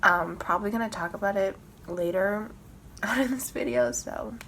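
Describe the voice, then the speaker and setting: A woman's voice: mid-range voice, normal speed, a bit bright, a little hiss or hum. A young woman vlogging casually about her reading, ranting dramatically with swearing, laughter and emotional outbursts. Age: young adult. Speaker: book vlogger. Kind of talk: casual vlog chat.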